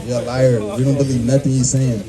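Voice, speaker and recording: A male street preacher delivers his message in a forceful, confrontational way, repeating words and filling gaps with fillers. A crowd is clearly audible around him. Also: mid-range voice, little pitch movement, fast talker. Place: outdoors on a busy street. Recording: busy street crowd noise.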